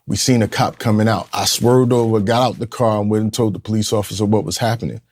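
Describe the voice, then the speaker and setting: Low-voiced blunt storytelling man. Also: fairly even intonation, fast talker, darkish tone. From Newark, New Jersey, USA. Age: 50s. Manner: raw, blunt and profane, with streetwise phrasing; vividly acts out the people he quotes. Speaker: podcast guest, community leader. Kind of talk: candid personal storytelling in an interview.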